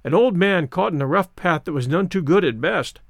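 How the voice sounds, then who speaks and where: A man narrating an audiobook in a measured, expressive way. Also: high-pitched, vocal fry, no echo.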